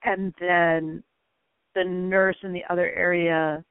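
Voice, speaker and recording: A woman's voice: fairly low pitch, takes it slowly, smooth, no room sound. A woman guest in a casual interview, telling a personal story animatedly, full of "like" fillers and laughs. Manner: animated, frequent "like" fillers, laughs mid-sentence. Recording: tinny phone-like line, dry.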